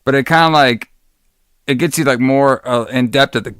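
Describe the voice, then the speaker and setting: A man's voice: mid-range voice, normal speed, fairly bright tone, clear, resonant tone, no room sound, clean studio sound. A man co-hosting a casual podcast, rambling with lots of fillers and enthusiastic about old wrestling shows. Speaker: podcast co-host.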